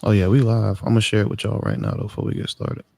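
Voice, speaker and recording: A man's voice: lowish voice, fairly even intonation, quick pace, gravelly, a little mellow. A man hosting a casual gaming podcast, joking around in loose slang. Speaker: podcast host.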